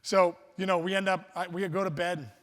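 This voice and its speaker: A man with a high, bright voice tells a funny story at a luncheon. He talks animatedly and acts out the voices, now and then breaking into loud outbursts. The sound carries a long reverb from the hall. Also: steady tone, brisk, slight background noise. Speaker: luncheon speaker. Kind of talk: humorous storytelling speech. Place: banquet hall.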